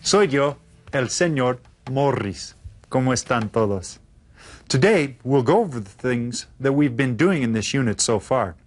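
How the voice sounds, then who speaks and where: A man teaching a children's language lesson, modeling phrases slowly and clearly for the class to repeat. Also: mid-range voice. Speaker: Spanish teacher.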